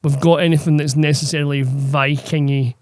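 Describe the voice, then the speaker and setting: A man's voice: on the high side, level tone, fairly quick, darkish tone, a little hiss or hum. A man co-hosting a tabletop gaming podcast, rambling and swearing with enthusiasm. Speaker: podcast co-host, game master. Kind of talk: casual podcast chat.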